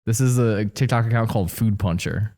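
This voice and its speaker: A man's voice: on the low side, a little fast, music in the background. A man chatting casually on a podcast, laid-back and joking, swearing freely.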